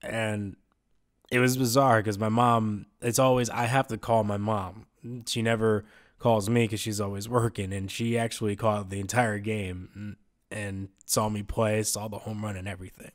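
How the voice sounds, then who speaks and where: Halting young man, low flat voice. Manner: halting, hesitant, full of "you know". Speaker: gaming YouTuber. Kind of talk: in-character role-play monologue. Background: background music.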